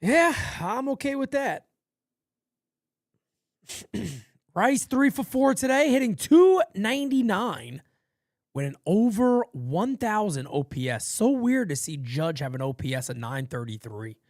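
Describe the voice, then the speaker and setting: A man hosting a casual live fan play-by-play, rambling and swearing between pitches. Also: sing-song, a little slow, a little mellow, no room sound, studio quality. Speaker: play-by-play host of a fan channel.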